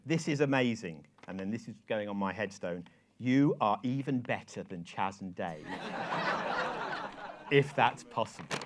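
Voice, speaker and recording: A man with a lively storytelling manner, telling an anecdote on stage to a live audience and leading a sing-along. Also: medium pitch, slight background noise. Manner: lively storyteller, quoting emails in voices. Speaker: songwriter giving a talk. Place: event hall with live audience.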